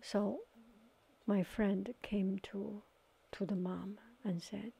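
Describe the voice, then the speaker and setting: A woman telling a story in a soft-spoken ASMR style, halting and searching for words, often slipping into a whisper. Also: medium pitch, flat delivery, creaky, slightly rough. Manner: partly whispered. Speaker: watercolor ASMR artist.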